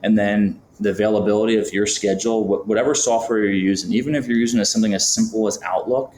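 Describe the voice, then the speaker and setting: A podcast guest who founded a business, this Florida man talks fast in a low, steady, somewhat mellow voice. Chatty and filler-heavy, he role-plays example phone calls; the room sounds spacious, with faint ambience and a little hiss or hum.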